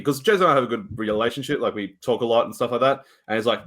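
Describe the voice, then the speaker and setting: A man co-hosts a casual podcast and rambles through his games with a mid-pitched voice. He keeps shrugging things off as he talks, in loose, chatty phrasing. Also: quick pace, hardly any pauses, a bit bright. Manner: rambling game recap with frequent shrugging asides. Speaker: podcast co-host.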